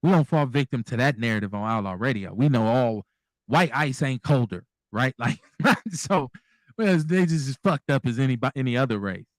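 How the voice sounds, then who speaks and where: A man hosts a call-in radio show, speaking bluntly and candidly with lots of profanity. His voice sits in an ordinary middle pitch. The sound is dry and close to the mic. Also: expressive, a little fast, dry recording. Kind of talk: casual call-in radio talk.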